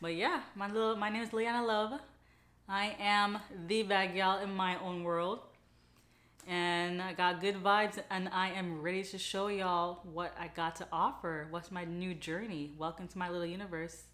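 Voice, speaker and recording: A young woman talking casually and upbeat in a motivational vlog, chatty and quick to laugh. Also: fairly low pitch, flat delivery, fairly bright tone. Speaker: vlogger.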